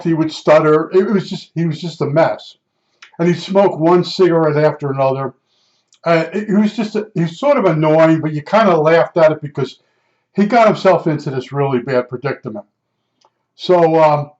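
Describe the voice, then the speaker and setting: A man's voice: on the high side, a little mellow. Rambling older man, lo-fi recording. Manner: meandering, halting, with many restarts and fillers. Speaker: storyteller. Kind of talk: rambling spoken monologue. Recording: dull lo-fi recording.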